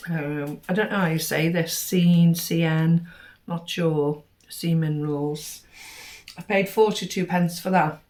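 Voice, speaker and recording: A middle-aged woman chatting casually through a grocery haul, cheerfully tallying prices and savings. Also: lowish voice. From United Kingdom. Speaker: vlogger. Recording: roomy echo, distant mic, faint noise.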